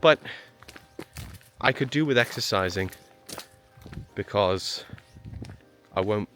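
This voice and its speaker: A lower-voiced man records himself hiking uphill outdoors, talking chattily and poking fun at his own struggle. He is out of breath from the climb, and soft music plays faintly behind him. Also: lively intonation, slow pace. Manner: chatty, self-mocking narration while hiking. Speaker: travel vlogger. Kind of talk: walking travel vlog. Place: outdoors on a hillside trail and road.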